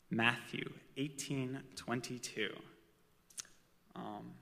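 A man gives a casual sermon, chatting with his listeners and slipping in personal asides. His voice is bright and forceful. It rings out with a long reverb, as if from a large hall. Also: medium pitch, vocal fry. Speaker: preacher.

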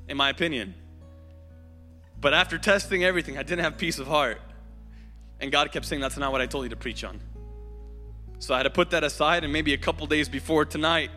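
A man preaching a sermon and giving an altar call, earnest and pleading, with repeated invitations to come up. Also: on the high side. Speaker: pastor. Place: church sanctuary. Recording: hall reverb, music playing softly behind.

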